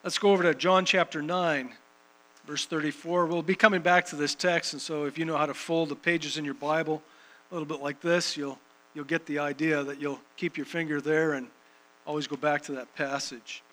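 Bright-voiced man preaching a sermon. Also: fairly high pitch, level tone, moderate pace, low-quality recording. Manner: emphatic, repeats phrases for rhythm.

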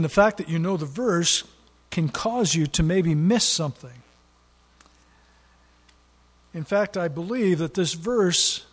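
Earnest man preaching in a reverberant hall. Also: fairly high pitch. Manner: earnest, stresses words for emphasis. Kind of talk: sermon.

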